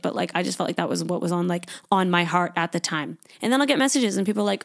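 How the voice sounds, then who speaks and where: A young woman hosting a casual solo podcast, talking freely and swearing, who often acts out her own inner thoughts in a higher voice. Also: expressive, rapid-fire, few pauses. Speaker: podcast host.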